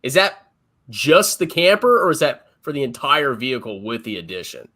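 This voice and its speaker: A man's voice: mid-range voice, big pitch swings, moderate pace, bright, forceful tone. A man co-hosting a casual livestream chat, blunt and sarcastic.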